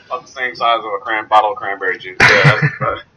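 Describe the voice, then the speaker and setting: A man's voice: fairly low pitch, steady tone, fast, over loud music, poor audio. A man co-hosting a podcast in casual chat, brash and profane, laughing often. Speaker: podcast co-host.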